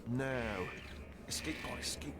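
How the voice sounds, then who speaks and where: A man voicing a chattering, panicky male robot, stammering and rambling nervously, heard as game audio with loud music behind. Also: mid-range voice, steady tone, a little slow, close to an everyday voice.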